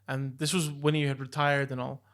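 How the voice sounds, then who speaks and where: A man's voice: medium pitch, fairly quick. A man co-hosting a podcast in casual chat, telling stories with slang and lots of "bro" and "like". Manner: animated storyteller, slangy, says "bro" and "like". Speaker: podcast co-host.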